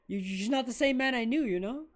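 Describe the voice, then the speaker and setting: A woman co-hosting a casual fan discussion, ranting excitably with lots of swearing. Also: on the high side. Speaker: co-host of a fan discussion show. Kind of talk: casual chat.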